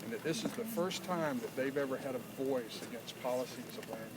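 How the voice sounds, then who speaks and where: A man asking a reporter's question at an outdoor press conference, in a measured, plain way. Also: mid-range voice, expressive, very noisy.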